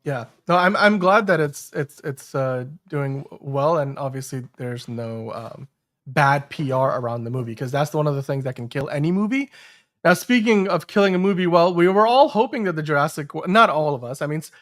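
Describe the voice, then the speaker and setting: A man's voice: on the high side, normal speed, fairly bright tone. Chatty man hosting a live stream. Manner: rambling, many restarts and fillers. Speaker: podcast host. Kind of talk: casual live-stream chat.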